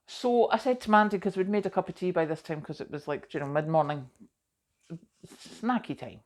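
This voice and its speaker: A middle-aged woman talks casually to camera with a somewhat low voice. She rambles through her day with frequent asides and gentle self-mockery. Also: moderate pace. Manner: chatty and rambling, self-deprecating, often says "do you know". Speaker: vlogger.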